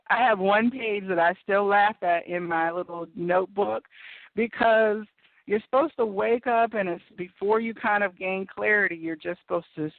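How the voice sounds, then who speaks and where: A woman hosts an internet radio show, chatting casually and laughing at her own self-deprecating stories. Her medium-pitched voice has no echo and comes through as tinny phone-line audio.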